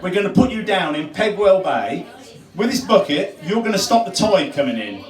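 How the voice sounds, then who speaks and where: A calm, fatherly gatekeeper at heaven's gate, spoken by a man. He lays out tasks in a plain, matter-of-fact way with a lively lilt. The room is echoey and the voice comes from far off. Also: high voice, normal speed.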